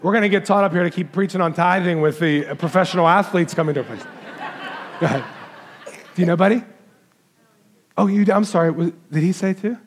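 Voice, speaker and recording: A pastor with a high voice delivers a Christmas sermon in a conversational way. He walks through the congregation and asks the children questions. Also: fairly quick, pauses often, a little hiss or hum. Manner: warm, conversational preaching, walks into the crowd asking kids questions.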